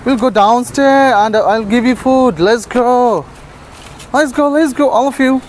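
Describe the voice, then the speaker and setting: A man's voice: extremely high pitch, unhurried. A man vlogging as he feeds stray dogs outside, coaxing them with affectionate baby talk and frequent laughs. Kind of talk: casual vlog talk to dogs. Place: outdoors, terrace and stairs in a city. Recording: noisy outdoor street recording.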